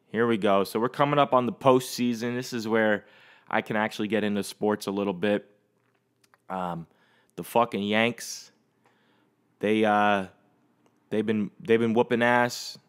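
A man's voice: lowish voice, smooth. A man hosting his own podcast, chatting alone in a loose, rambling way with plenty of swearing. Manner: rambling, profane, easygoing. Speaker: podcast host. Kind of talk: casual solo chat.

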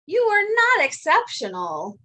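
A woman's voice: high-pitched, huge pitch swings, a little slow, bright, forceful tone, exaggerated voice. Woman putting on a smug teasing horse. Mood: mocking. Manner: teasing, mocking.

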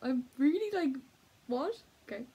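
A young woman chatting casually to the camera, excitable and giggly, slipping between bubbly chatter and hushed asides. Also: high-pitched, unhurried, low-quality recording. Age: young adult. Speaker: art student vlogger.

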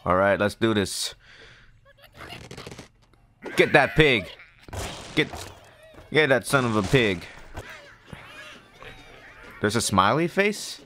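A man giving excitable let's-play commentary, talking to himself and shouting at the game. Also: fairly low pitch, takes it slowly, long pauses, slight background noise. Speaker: gamer.

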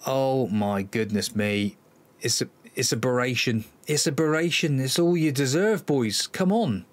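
A Cornish man from England with a medium-pitched, unhurried voice hosts a football management let's-play. He commentates live on the match, exasperated and sighing, and talks to his players.

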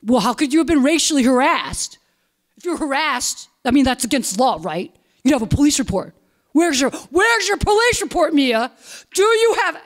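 A woman doing a hectoring older man, pitched high. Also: sing-song, takes it slowly, darkish tone, full character voice. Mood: badgering. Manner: badgering, interrupting questions. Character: condescending older man, condo board dad, hectoring.

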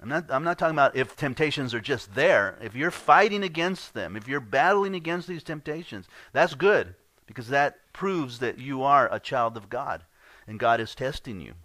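A man's voice: mid-range voice, animated, moderate pace, sharp tone, no echo. Earnest, conversational male pastor. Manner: earnest, conversational, repeats words. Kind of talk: sermon.

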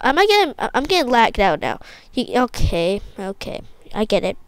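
Young woman, high-pitched, dry close sound, excitable gameplay commentary, repetitive exclaiming. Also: normal speed, clear, resonant tone, no room sound, low-quality recording. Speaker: gaming YouTuber.

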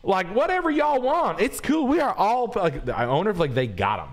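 A man's voice: high voice, big pitch swings, normal speed, pitched above the performer's own voice. A man doing a chirpy, gushing busybody woman. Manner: sing-song, gushing.

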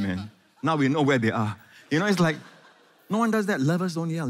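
A man preaching a sermon as pastor, animated, often asking the congregation questions and calling for amens. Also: a little high, fairly quick, long reverb tail.

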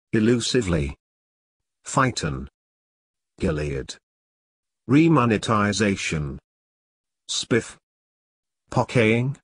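A man reading out a vocabulary list one word at a time, with pauses between words. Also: fairly low pitch, fairly bright tone, slightly rough, no echo, clean studio sound.

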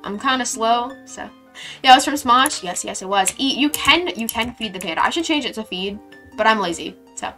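A young woman streaming a game, chatting casually and reading her chat aloud with sudden excited squeals. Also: on the high side, brisk, soft background music.

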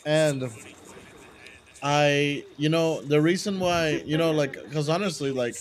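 A man's voice: fairly high pitch, slow. A man hosting a live stream, telling a story in casual chat, rambling and correcting himself often with lots of "you know" and "like".

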